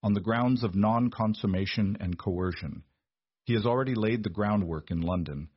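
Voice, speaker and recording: A man's voice: fairly low pitch, normal speed, husky, no room sound, highs cut off. A man reading the part of a cold, pompous male lawyer with a clipped, sneering delivery. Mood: condescending.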